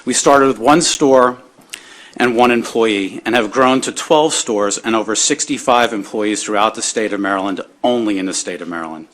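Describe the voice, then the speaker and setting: Firm, low-voiced man giving testimony. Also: fairly bright tone. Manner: firm, measured, formal. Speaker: business co-owner testifying. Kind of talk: prepared public testimony.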